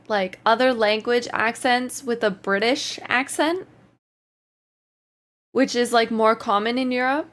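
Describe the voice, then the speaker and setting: A woman talks slowly and a little high as she chats through a live stream. She reads her chat out loud, answers it and laughs often in a casual, easygoing way. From Canada. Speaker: livestreamer.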